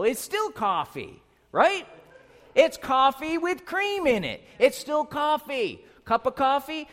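Male preacher, very high pitch, emphatic and exclaiming, recorded with a long hall reverb. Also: fairly bright tone. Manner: emphatic, exclaiming, asks the audience questions. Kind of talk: sermon.

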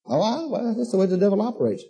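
A man's voice: high-pitched, very animated, fast talker, vocal fry, warm tone, breathy edge, rough recording. A man preaching a sermon to a congregation, fervent and emphatic, repeating himself and calling listeners "honey".

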